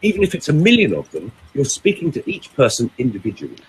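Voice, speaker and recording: A man, a vocal coach, talking in a podcast chat and demonstrating delivery with lively emphasis. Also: mid-range voice, fast talker.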